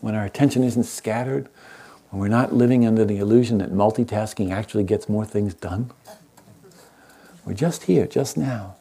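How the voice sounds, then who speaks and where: A man who teaches meditation, telling a story to an audience in a gentle, unhurried way and often checking in with his listeners. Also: fairly low pitch, slightly rough. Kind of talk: storytelling talk to a live audience.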